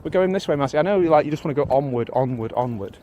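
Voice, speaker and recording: This male vlogger talks fast in a slightly high voice with lively intonation and a dark tone, and the audio sounds dull. He strolls a windy beach chatting loosely to his pocket camera and his dog, self-mocking as he goes, with faint wind and outdoor noise behind him.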